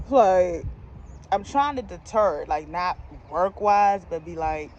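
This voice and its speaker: Animated young woman telling a funny story. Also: on the low side, takes it slowly, highs cut off, a little hiss or hum. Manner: animated, slangy, laughs through the story. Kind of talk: casual comedic storytime.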